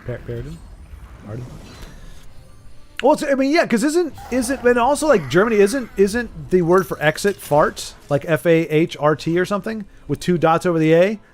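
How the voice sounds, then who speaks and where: A man's voice: high voice, fairly quick, few pauses, faint music behind. A man chatting casually on a live game stream, rambling, joking and correcting himself as he goes.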